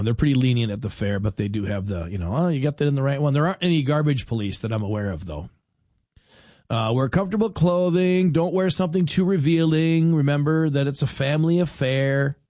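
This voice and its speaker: A man's voice: mid-range voice, darkish tone, dry recording, clean studio sound. A middle-aged man, hosting a casual talk show and telling wry stories with acted-out bits. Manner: chatty, wry, acts out little scenes in put-on voices. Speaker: radio host.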